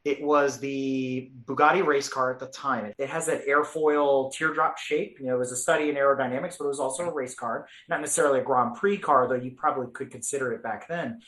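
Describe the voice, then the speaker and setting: Male podcast host, enthusiastic car buff, sharp bright tone, roomy echo. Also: mid-range voice, steady tone, fairly quick, hardly any pauses. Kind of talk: casual chat. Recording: echoey room.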